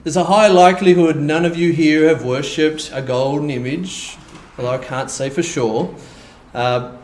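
A man preaching a conversational sermon, with animated asides in which he voices imagined reactions. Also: on the high side, normal speed, roomy sound, a little hiss or hum, rough recording. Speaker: pastor. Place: church hall.

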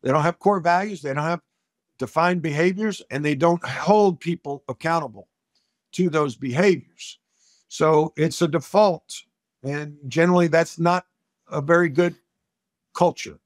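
Speaking emphatically as a podcast guest, this middle-aged coach and corporate speaker tells stories conversationally and repeats words at the start of each thought. His voice is on the high side and his pace measured, captured with studio quality and no echo.

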